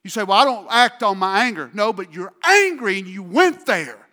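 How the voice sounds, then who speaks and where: A man preaching a sermon as pastor, swinging from shouted outbursts to quiet, low asides. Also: lively intonation, moderate pace, big-room sound.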